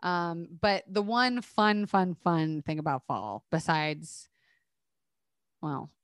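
A young woman talks through her podcast in a bubbly, chatty way, dropping curse words without a second thought. Her voice sits a little low for a woman. The recording is close and dry, with almost no room sound. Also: takes it slowly, clear, resonant tone, no room sound. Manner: chatty, bubbly, swears casually. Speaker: podcast host. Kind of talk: casual solo podcast chat with ad reads.

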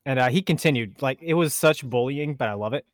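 A man's voice: mid-range voice, quick pace, no echo. Young male co-host, laid-back joker, mid-range voice, dry close sound. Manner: joking, laughs often, storytelling. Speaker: podcast co-host. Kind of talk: casual chat.

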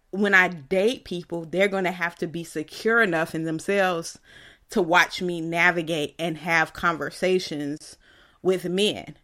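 Emphatic woman, lowish voice, podcast chat. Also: sharp tone. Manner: emphatic, repeats "you know what I'm saying". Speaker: podcast co-host, minister. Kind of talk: casual chat.

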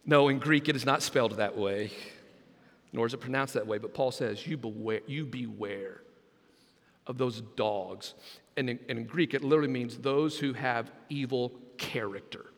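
A man's voice: mid-range voice, normal speed, big-room sound. A man preaching a sermon as senior pastor, joking with the congregation and drawing back "Amen?" replies. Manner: preaching with jokes and call-and-response asides.

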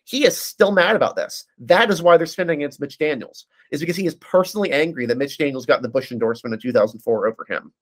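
A man's voice: a little high, animated, fast talker, hardly any pauses. A man in casual political discussion, giving detailed analysis with frequent fillers and restarts.

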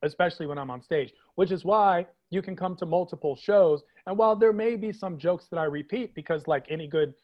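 A man's voice: sits high, dull audio. A man from Washington, D.C., a comedian guest riffing playfully on a podcast interview. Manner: playful, jokey, quick asides and put-on voices.

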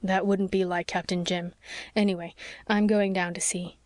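Woman doing a young doctor husband, quick and earnest, kind of worried. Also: on the low side, flat delivery, no room sound, clean studio sound, natural voice. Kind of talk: audiobook character reading.

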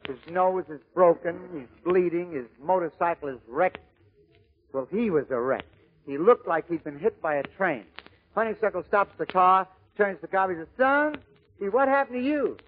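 A man with a fairly high voice reels off comic stories in a brisk storyteller's manner. The recording is narrow and tinny, like a phone line, with a faint hiss. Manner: brisk storyteller who slips into character voices. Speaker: stand-up comedian. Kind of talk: joke telling.

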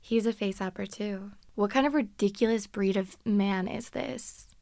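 A woman hosting a podcast, telling stories in a casual, animated, sarcastic way and laughing often. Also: mid-range voice, moderate pace, gravelly, dry recording, clean studio sound. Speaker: podcast host. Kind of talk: casual storytelling monologue.

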